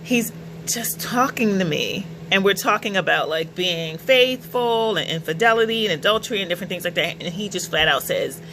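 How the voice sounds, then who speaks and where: A middle-aged woman telling personal stories in a casual, animated vlog, often laughing as she goes. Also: medium pitch, moderate pace, noisy background. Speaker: vlogger.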